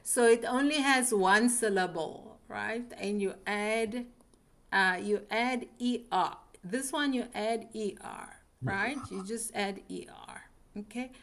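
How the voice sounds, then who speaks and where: A woman teaching a beginner English class, patient and clear, often checking with "right?". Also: mid-range voice, fairly bright tone. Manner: patient, slow, checks understanding with frequent "right?".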